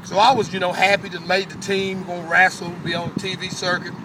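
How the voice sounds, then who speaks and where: A man with a fairly high voice telling a rowdy, laugh-filled story, cursing freely in loose, animated talk. He sounds distant from the mic, with cars and street noise loud behind him. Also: fairly quick. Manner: animated, profane, laughing often. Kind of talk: casual spoken story.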